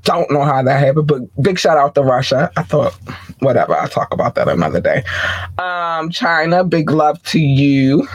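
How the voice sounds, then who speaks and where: A man hosting his own podcast in a casual, playful chat, giving chatty shout-outs and laughing now and then. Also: a little high, animated, normal speed, no room sound. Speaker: podcast host.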